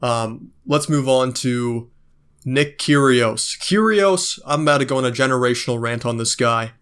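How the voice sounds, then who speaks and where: A man's voice: medium pitch, moderate pace, fairly bright tone, clean tone. Brief: male vlogger, mid-range voice, rambling and heated, curses freely. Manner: ranting, profane, many fillers. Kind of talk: casual monologue.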